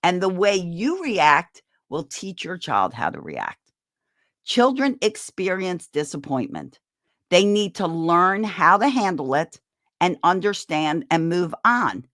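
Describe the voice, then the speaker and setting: A woman giving a live-streamed parenting talk, animated and encouraging as she leads the audience in a laughter exercise. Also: fairly low pitch, slow, no room sound, clean studio sound. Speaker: parenting speaker.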